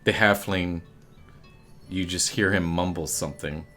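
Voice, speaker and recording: A man running a tabletop game as game master, unhurried and often laughing. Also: sits low, steady tone, a bit bright, faint music behind.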